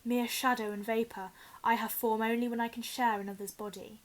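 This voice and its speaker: A woman voicing an evil dark lord, a face on the back of a man's head, in a cold, hissing whisper. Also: on the high side, level tone, fairly quick, natural voice. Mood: menacing whisper.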